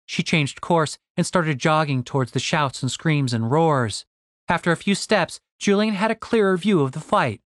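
A man narrating a comic fantasy audiobook with expressive storytelling. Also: a little high, normal speed, dry recording, studio quality. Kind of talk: scripted narration.

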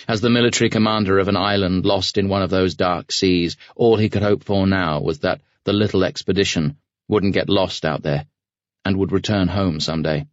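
A man narrating an audiobook in a measured, even reading voice, recorded close in a studio. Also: low-pitched, dry recording. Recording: dry, slightly dull studio recording.

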